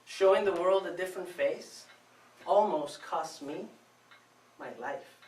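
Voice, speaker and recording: A man from Venezuela giving a prepared contest speech to a live audience, telling his story with expressive, dramatic pauses. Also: high-pitched. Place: club meeting room before a live audience. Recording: echoey room, distant mic, faint noise.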